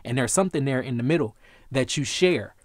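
A man giving an excited tarot reading, swearing often and talking to his viewers. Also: mid-range voice, a little fast, noisy background. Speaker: tarot reader.

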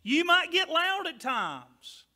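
A male pastor delivers a sermon in a high, very bright voice. He preaches loud and emphatic, stressing his points, then drops to softer asides to the congregation. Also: very animated, takes it slowly.

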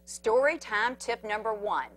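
Slow, animated woman reading a picture book. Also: fairly high pitch, a little hiss or hum. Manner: animated with sound effects and asides to children. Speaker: children's storyteller. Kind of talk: picture book read-aloud.

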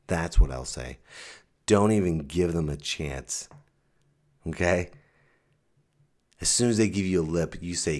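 A man hosting his own comedy podcast, ranting sarcastically, swinging from mutters to loud outbursts. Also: sits low, a little slow, pauses often. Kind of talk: stand-up style podcast rant.

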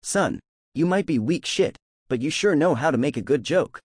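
A proud and scornful thunder-god king, voiced by a man for a fan audiobook. He speaks in a commanding tone, and his pitch swings widely. The recording is dry and close. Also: expressive, moderate pace, a little mellow, slightly rough, no echo.

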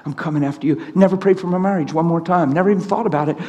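A man's voice: on the high side, rapid-fire. A middle-aged man preaching a sermon in a church, telling stories and acting out the people in them. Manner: animated storytelling, acts out quotes. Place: church hall. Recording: long echoing church reverb.

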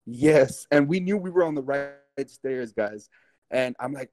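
A man spins a long story in loose, casual talk, full of swearing and "dude" and "guys." His voice is mellow and warm, and it sits mid-range in pitch. The sound is dry and close. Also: measured pace, dry recording. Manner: rambling, profane, keeps addressing listeners as guys. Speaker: interview guest.

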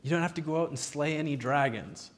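A man preaching in a church sanctuary, his fairly high voice carrying a long reverb through the hall. He tells scripture stories with animated energy, quoting the people in them as he goes. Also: fairly quick. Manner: animated storytelling, acting out Bible figures in his own voice. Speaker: pastor. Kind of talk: sermon.

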